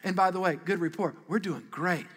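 High, bright-voiced man preaching a sermon. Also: brisk, long reverb tail. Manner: animated, conversational preaching with audience call-and-response. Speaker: pastor. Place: large church auditorium.

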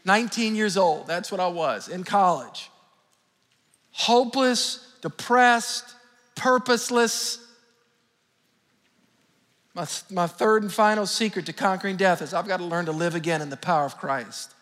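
A man's voice: high voice, measured pace, long pauses, fairly bright tone. A middle-aged man preaching a sermon as pastor, fervent and calling out to his congregation. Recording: long hall reverb with faint music.

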